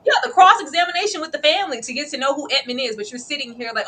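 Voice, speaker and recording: A woman hosting a casual chat show, talking in an animated, emphatic way full of slang. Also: high voice, very fast, hardly any pauses, a little hiss or hum. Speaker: host.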